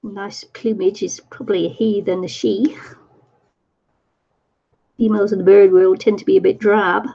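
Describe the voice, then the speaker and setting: A woman's voice: mid-range voice, fairly even intonation, moderate pace, creaky, pauses often, dark tone. A woman hosting a crafting livestream, chatting casually and laughing often as she reads viewer comments. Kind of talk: casual chat while crafting. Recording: dull lo-fi stream audio.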